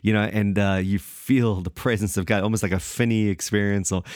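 A man's voice: lowish voice, fairly even intonation, a little fast, darkish tone, no echo, studio quality. A man in a casual theological discussion, talking in a rambling, hesitant way with many fillers.

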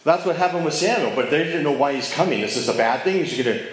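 A man's voice: a little high, lively intonation, racing. A man teaching a casual Bible study, talking conversationally and checking in with his listeners. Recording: very echoey room.

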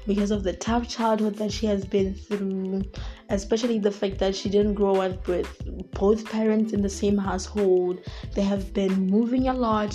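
A woman's voice: medium pitch, mellow. Emphatic woman hosting a podcast. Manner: emphatic, repeats herself, addresses listeners as guys. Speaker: podcast host. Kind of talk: casual commentary monologue.

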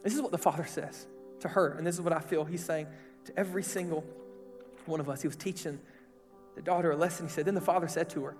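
High-voiced, emphatic man preaching. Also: steady tone, quick pace. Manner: emphatic and casual, with slang and rhetorical questions. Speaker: pastor. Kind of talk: sermon to young people. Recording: echoey hall, faint music behind.

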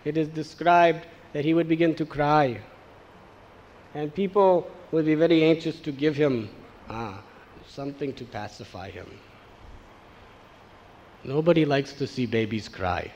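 A man giving a devotional storytelling sermon, animated and acting out the voices of the people in his tale. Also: fairly high pitch, unhurried, muffled recording, slight background noise. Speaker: spiritual teacher.

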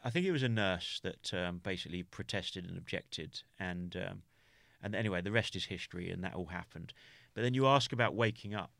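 A British man with a low, gravelly, slightly bright voice shares a difficult memory as an interview guest on a podcast. The close recording is dry, free of room sound. His delivery is halting, full of restarts and "you know" fillers as he gropes for words.

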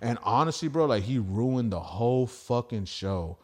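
A man's voice: mid-range voice, expressive, normal speed, a loud crowd. A man hosting a casual podcast, telling stand-up stories in a rambling, profane way and acting out quotes. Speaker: podcast host and stand-up comic. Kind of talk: casual storytelling chat.

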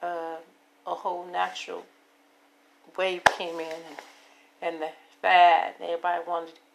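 A woman in her fifties with a hoarse voice, rambling and repeating herself as she talks to her viewers about taking care of herself. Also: fairly low pitch, slight background noise. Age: 50s. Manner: rambling, repetitive, self-affirming. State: hoarse, voice giving out. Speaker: vlogger. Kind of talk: casual personal monologue.

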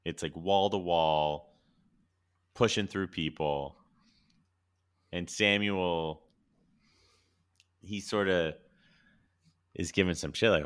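Very deep-voiced man chatting casually. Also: fairly even intonation, slow, long pauses, a bit bright. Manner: laid-back, laughs often, swears freely. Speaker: podcast co-host. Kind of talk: casual chat.

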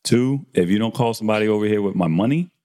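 A man's voice: on the low side, fast, mellow. A man telling a barbershop story in casual chat, acting out the dialogue and swearing freely. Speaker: barber and podcast host.

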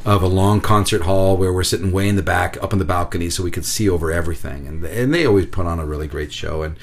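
A middle-aged man with a very deep voice and a gravelly rasp tells a personal testimony. He halts and repeats himself often, and his voice cracks with feeling. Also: fast talker.

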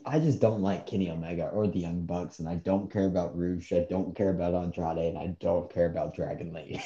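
Low, dark-voiced man, blunt and dismissive. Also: fairly even intonation, a little fast. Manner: blunt, dismissive, laughs often. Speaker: co-host. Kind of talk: casual podcast chat. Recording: echoey dull-sounding room.

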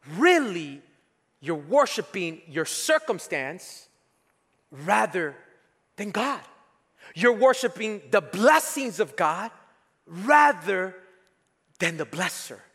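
A man's voice: high voice, fairly bright tone, in a large hall. A man preaching a sermon as pastor, emphatic, repeating key phrases and leading the congregation to respond.

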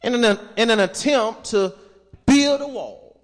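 A man's voice: very high voice, unhurried. A man preaching a sermon in a church, reading scripture and calling on the congregation to respond. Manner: call-and-response preaching, rising to shouts. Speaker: pastor. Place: church sanctuary. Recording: reverberant church hall.

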